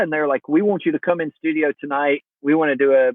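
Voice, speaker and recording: A podcast guest tells a story in casual conversation, animatedly voicing the dialogue of the people involved. His voice sits a little high and moves fast. There's no echo, though the audio has a tinny, phone-line quality.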